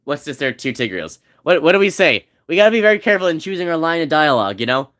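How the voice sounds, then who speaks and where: Man, streamer, slightly high voice, rambling, jokey, talks to chat. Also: big pitch swings, moderate pace, sharp tone. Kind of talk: casual gameplay chat.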